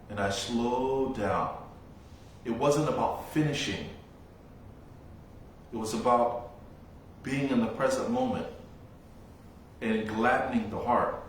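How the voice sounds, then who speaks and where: Male monk teacher, calm unhurried storytelling sermon, recorded far from the mic in a boomy room with faint noise. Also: very echoey. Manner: slow, reflective storytelling with long pauses. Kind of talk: dharma talk.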